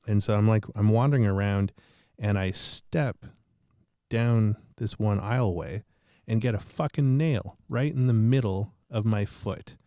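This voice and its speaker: A man's voice: on the low side, unhurried, mellow, no echo, clean studio sound. A man telling a rambling, profane, self-mocking story in casual podcast chat.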